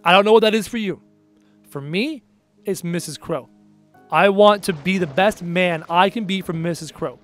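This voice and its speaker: High-voiced blunt young man streaming. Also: moderate pace, fairly bright tone, soft background music. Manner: blunt, emphatic, repeats phrases for punch. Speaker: streamer answering chat. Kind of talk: casual live-stream chat.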